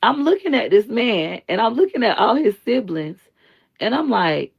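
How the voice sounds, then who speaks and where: Gravelly-voiced blunt woman streamer. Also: on the high side, normal speed, muffled recording. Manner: blunt, animated, slangy. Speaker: live stream host. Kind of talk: casual commentary and storytelling.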